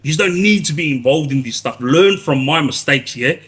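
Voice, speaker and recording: A husky-voiced Australian livestreamer in his 40s spins prison stories in a loose, casual way. He rambles, keeps restarting and tags lines with "yeah?" His pitch is fairly high and his tone fairly bright, expressive, at a moderate pace.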